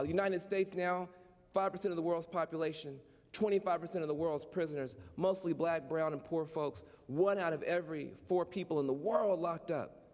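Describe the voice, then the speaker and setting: A man's voice: a little high, a little mellow. A man giving a humorous conference speech to an audience, folksy and teasing, then turning earnest and preacher-like. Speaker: keynote speaker, activist. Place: large lecture hall. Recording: long hall reverb, faint room noise.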